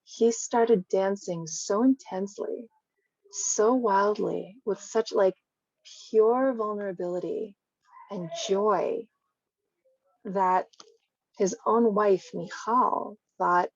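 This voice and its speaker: A woman gives an online Torah talk in a lively, conversational way, as if teaching friends. Her voice sits at a middle pitch. The recording is dry, with a slightly muffled, lo-fi sound. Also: takes it slowly, dry recording. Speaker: guest speaker.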